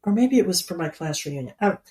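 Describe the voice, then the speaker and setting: A woman's voice: lowish voice, expressive, fast talker, warm tone. A woman in her sixties from New York, an outgoing guest author chatting casually and telling stories with quoted asides. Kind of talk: casual conversation.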